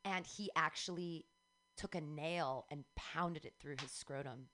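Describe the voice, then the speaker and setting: A middle-aged woman hosting a casual chat, telling frank stories in an animated way, with faint noise behind. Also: sits low, unhurried. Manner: candid, animated storytelling with acted quotes.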